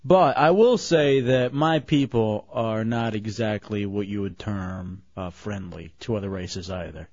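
A man's voice: on the low side, measured pace, hardly any pauses, a little mellow, dry recording, dull audio. A man hosting a radio show in casual talk, plain-spoken as he reads station IDs. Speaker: radio host.

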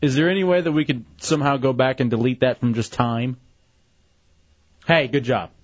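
A man's voice: medium pitch, steady tone, moderate pace. A man co-hosting a radio show, mocking and sarcastic in casual banter. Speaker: radio co-host. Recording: muffled radio broadcast with faint music.

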